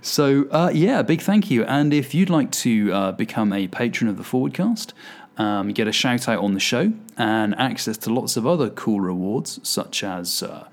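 A man's voice: medium pitch, lively intonation, normal speed. A man hosting his podcast solo, chatting casually and poking fun at himself with plenty of fillers. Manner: chatty and self-deprecating, with fillers. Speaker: podcast host.

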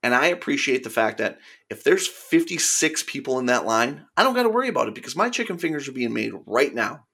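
Casual male podcast guest, gravelly voice, flat emphatic refusals. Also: mid-range voice, fairly quick, hardly any pauses. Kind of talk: casual chat.

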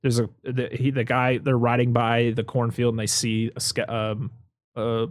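A man's voice: medium pitch, monotone, moderate pace, no room sound. Guy cohosting a movie podcast, chatty, ranty, dry close sound. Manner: chatty, exasperated rants. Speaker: podcast co-host. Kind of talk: casual movie podcast chat.

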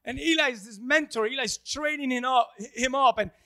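A male pastor with a notably high voice preaches to his congregation. He talks to them conversationally, asks them questions and acts out the voices in the scripture. The sound is close and dry, with little room echo. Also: moderate pace, pushed and bright. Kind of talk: sermon.

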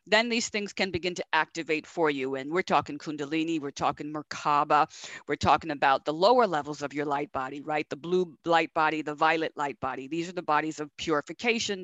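A woman's voice: low voice, a bit bright, dry recording. Woman spiritual teacher, rhythmic repeater, dry close sound. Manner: rhythmic, repeats words, laughs often.

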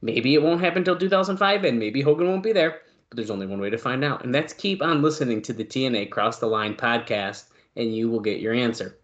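A man's voice: medium pitch, fairly quick, few pauses, a bit bright, lo-fi sound. A man co-hosting a casual wrestling podcast, rambling along with lots of fillers. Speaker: podcast co-host.

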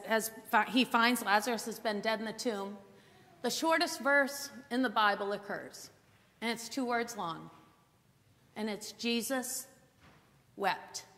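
A woman preacher teaching a Bible sermon as an expressive storyteller with dramatic pauses. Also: fairly high pitch. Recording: long hall reverb.

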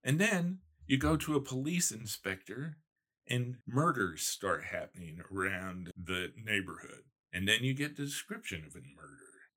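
Guy on a book podcast telling a creepy plot, slow and bright, kinda animated. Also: fairly low pitch. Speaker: podcast host discussing books. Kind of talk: casual book chat and reading aloud.

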